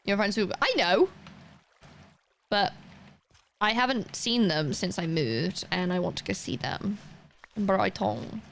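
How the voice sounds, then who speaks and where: A young woman chats away as she streams a game, wandering from topic to topic in an easy, rambling flow. Her voice sits at an ordinary middle pitch. A faint hiss of noise lies under it. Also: animated, measured pace, gravelly, long pauses. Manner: rambling, chatty, goes off on tangents. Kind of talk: casual chat while gaming live.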